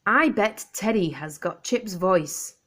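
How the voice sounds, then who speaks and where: A woman's voice: medium pitch, animated, takes it slowly, a bit bright. A woman voicing an eager young male family dog in a children's storybook, speaking his thoughts in a childlike, wondering way.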